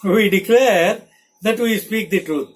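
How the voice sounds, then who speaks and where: An older Indian man giving a slow, unhurried spiritual talk, his voice sitting a little high for a man. He chants verses and then unpacks them word by word, in the manner of a teacher of scripture. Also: poor audio. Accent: Indian English.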